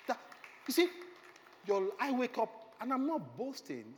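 A middle-aged man preaching a sermon with passion, swinging from soft reflective lines to loud exclamations. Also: extremely high pitch, wildly swooping pitch, measured pace, slight background noise. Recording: long hall reverb, faint ambience.

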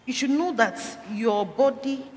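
Her voice is fairly high and a little slow as she delivers health advice within a sermon. This church speaker urges the congregation on and poses rhetorical questions. Faint background noise carries through an echoing hall.

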